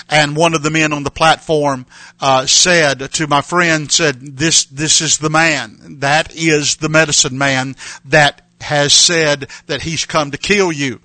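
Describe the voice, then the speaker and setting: An older man preaching, telling a missionary story and making an appeal for partners, with many halting repeated starts and building emphasis. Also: fairly high pitch, sharp tone, no echo. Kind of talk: sermon with testimony and appeal.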